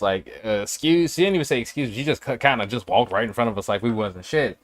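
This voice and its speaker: A man's voice: medium pitch, a little fast. Blunt, profane male livestreamer. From Chicago. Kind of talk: casual livestream chat.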